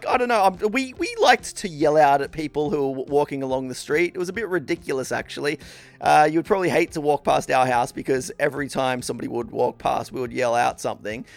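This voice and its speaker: A man co-hosting a podcast, telling comic stories with frequent laughter and swearing, often tripping over his words. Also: mid-range voice. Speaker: podcast co-host. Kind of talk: casual chat, comic storytelling.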